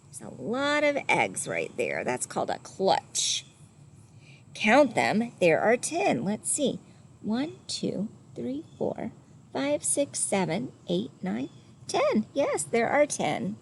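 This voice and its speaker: A woman reads a children's story aloud at an unhurried pace, her voice rising and falling widely. She makes the animal sounds herself and stops to ask her young listeners questions. A faint noise sits behind her. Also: fairly high pitch, vocal fry. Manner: gentle and lively, doing animal sounds and asking listeners questions. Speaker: storyteller reading a picture book to children.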